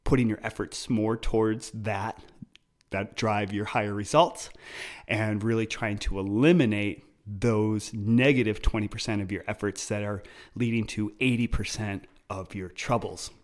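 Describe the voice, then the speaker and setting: Lower-voiced man hosting a solo podcast. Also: steady tone, measured pace. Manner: conversational, explains with personal stories. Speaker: podcast host. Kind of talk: casual solo podcast talk.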